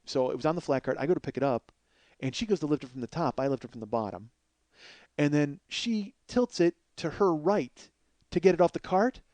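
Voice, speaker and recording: A man hosting a podcast, telling a comic story in a profane, animated way and laughing along at his own tale. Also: fairly high pitch, fairly quick, no room sound. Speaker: podcast host.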